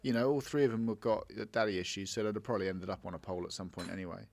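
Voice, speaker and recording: A man's voice: fairly low pitch, racing, a little mellow, dry recording. A man co-hosting a casual film review podcast, sarcastic and swearing freely. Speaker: podcast co-host.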